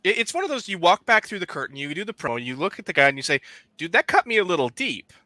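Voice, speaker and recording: A man's voice: high voice, sing-song, fast, sharp tone, no room sound. A man co-hosting a podcast, talking animatedly and emphatically in casual chat, with many restarts. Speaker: podcast co-host.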